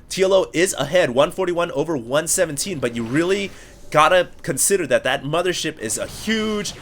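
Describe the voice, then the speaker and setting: Male esports caster, sore throat, fairly high voice, faint hiss behind, excitable play-by-play. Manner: energetic, rising excitement at big plays, frequent ums. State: sore, strained voice. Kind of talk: live play-by-play game commentary.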